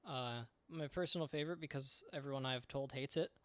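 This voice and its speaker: A man's voice: mid-range voice, a little fast, a bit bright, no room sound. A man in casual chat, laid back and trading dry quips. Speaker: podcast co-host.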